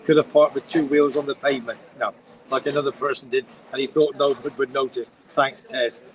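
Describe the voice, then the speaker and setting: A man's voice: mid-range voice, little pitch movement, fairly quick, a little hiss or hum, low-quality recording. A man in his sixties, co-hosting a casual live stream, chatting, bantering and reading out viewer comments. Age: 60s. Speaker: co-host.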